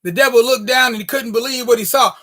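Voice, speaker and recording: A woman storyteller telling a folk tale to an audience with dramatic, drawn-out delivery. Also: fairly high pitch, fairly bright tone.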